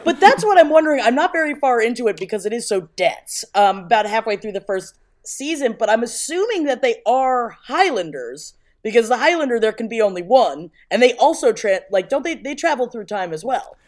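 A woman co-hosting a podcast, chatting casually in an animated, jokey way and swearing freely. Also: fairly high pitch, fairly quick, few pauses. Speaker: podcast co-host. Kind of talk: casual gossip chat.

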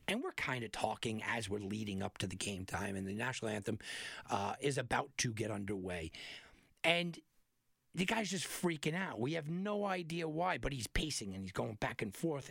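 A man's voice: medium pitch, creaky, slightly rough, no echo, clean studio sound. A man giving a casual, emphatic talk on sports betting picks, telling stories as he goes. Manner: animated storyteller, emphatic, some restarts.

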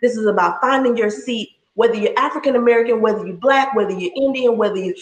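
Woman, 30s, higher voice, passionate preacherly delivery, roomy echo. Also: fast. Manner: passionate, preacherly, laughs often. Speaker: speaker sharing her story. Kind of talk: faith-based talk.

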